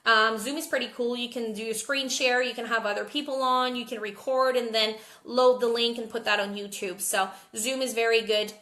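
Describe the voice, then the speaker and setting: A woman's voice: fairly high pitch, fairly even intonation, moderate pace, few pauses, pushed and bright, reverberant. A woman talking candidly to her team in a casual live video, tired and jet-lagged, often repeating words as she thinks. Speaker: network marketing team leader.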